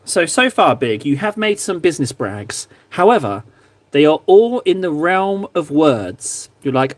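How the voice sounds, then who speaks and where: An unhurried, very animated young man with a fairly high voice hosts a livestream, painting miniatures as he goes. He keeps up a stream of casual, teasing jokes aimed playfully at his chat.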